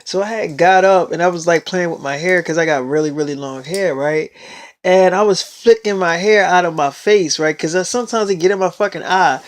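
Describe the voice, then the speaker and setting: A man's voice: sits high, fairly quick. A teenage boy telling a rambling story in a casual vlog, full of swearing and fillers. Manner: rambling and heavily profane.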